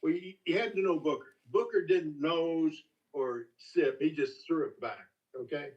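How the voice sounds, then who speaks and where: Folksy older storyteller. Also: male voice, fairly high pitch, a little mellow. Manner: folksy, halting, with many restarts. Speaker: master distiller guest. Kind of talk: casual storytelling. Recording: distant, dull lo-fi call audio.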